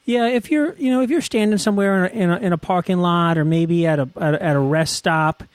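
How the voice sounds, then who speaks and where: A man's voice: sits high, fast talker, smooth, no room sound, natural voice. A man playing an earnest stay-at-home brother on a comedy podcast, rambling, repeating himself and handing out homespun advice. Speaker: podcast guest.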